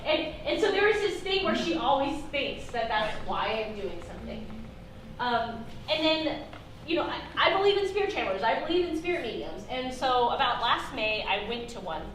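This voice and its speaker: A high-voiced woman tells stories at a post-show talkback in a theater, laughing often and quoting her family. Her voice bounces around an echoey hall with faint noise behind it. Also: normal speed. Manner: animated, acts out family quotes, laughs often. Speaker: solo performer answering audience questions. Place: theater, live audience.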